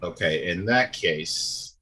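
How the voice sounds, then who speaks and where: A man's voice: low-pitched, animated, slow, bright, forceful tone, slightly rough. A man playing in a tabletop game, chatting casually with hesitant, stumbling phrasing. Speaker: player.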